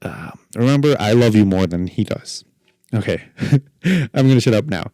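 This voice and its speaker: A man's voice: on the low side, animated, normal speed, dark tone, no room sound. A young man hosting a podcast on his own, telling rambling stories with jokes and self-deprecating asides. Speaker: podcast host. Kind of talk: solo podcast chat.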